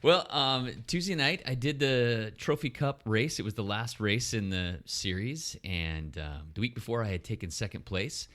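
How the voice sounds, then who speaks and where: A man's voice: mid-range voice, normal speed, few pauses, fairly bright tone. A man co-hosting a podcast in casual chat, laughing often as he tells stories. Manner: laughs often while telling race stories. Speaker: podcast co-host.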